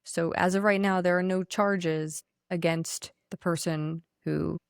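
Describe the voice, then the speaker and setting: A woman with a slightly low voice talks through the news as a podcast co-host, sharp and sarcastic, swearing freely as she rants. The sound is dry and close to the mic, with no room around it. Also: steady tone, measured pace, gravelly, smooth, no room sound. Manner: blunt, profane, sarcastic ranting. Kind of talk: casual political chat.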